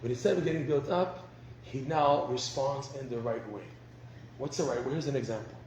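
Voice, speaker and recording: A man teaching a class on marriage, animated and laughing often. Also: medium pitch, a little fast. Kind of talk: lecture on marriage. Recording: roomy echo, faint background noise.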